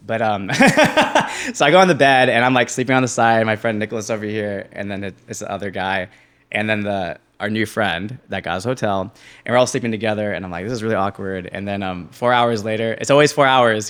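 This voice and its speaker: Animated young man telling a story. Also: lowish voice, a little fast. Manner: animated, acts out quoted voices. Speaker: guest. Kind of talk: casual storytelling in a podcast interview.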